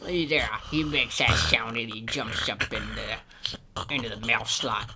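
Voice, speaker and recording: A man's voice: medium pitch, unhurried, background noise, close to an everyday voice. A man voicing a doting middle-aged pug owner who gushes and rambles about the dog.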